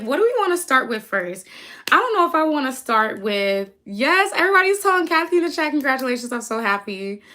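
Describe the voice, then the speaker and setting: A woman's voice: mid-range voice, a bit bright. A young American woman hosting a casual livestream, chatty and easily sidetracked, reading her chat aloud and hyping her friends. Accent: American English. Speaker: livestream host.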